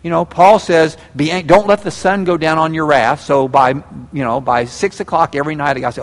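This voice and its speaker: A man preaching a sermon, folksy and animated, acting out little scenes. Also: a little high, a little fast, hardly any pauses. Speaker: pastor. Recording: long hall reverb.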